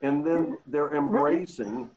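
A man's voice: on the high side, slow, highs cut off, a crowd in the background. A man joining a talk radio show, earnest and worried.

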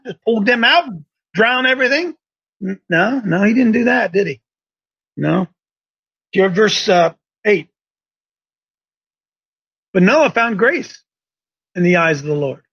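Male preacher, folksy emphatic sermon, high voice, dry muffled sound. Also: fairly bright tone, slightly rough, no echo.

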